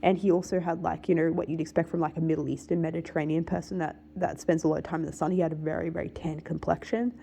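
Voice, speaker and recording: A woman with a lowish, gravelly voice and a dark, mellow tone talks straight to camera. She rambles casually, filling her speech with "like" and pressing her points with emphasis. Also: level tone, fast talker, hardly any pauses, a little hiss or hum. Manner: rambling, full of "like" fillers, emphatic. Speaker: vlogger.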